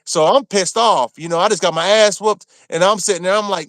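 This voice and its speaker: A man from Maryland telling a rough story from his time in prison, cursing freely and acting out what people said. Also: sits high, fairly quick, no room sound. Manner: animated, profane, acts out quotes. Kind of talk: casual storytelling.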